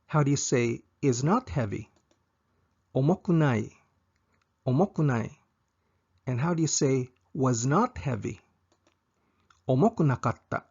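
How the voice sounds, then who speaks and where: Gravelly-voiced man teaching slowly. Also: mid-range voice, a little mellow, muffled recording. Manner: slow, repeats each example twice. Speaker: language teacher. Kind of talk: scripted language lesson.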